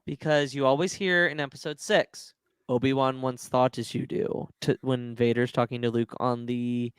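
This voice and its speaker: A man's voice: medium pitch, little pitch movement, moderate pace, clear, resonant tone, no room sound. A man hosting a podcast, chatting with emotional, gushing enthusiasm. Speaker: podcast host. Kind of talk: casual chat.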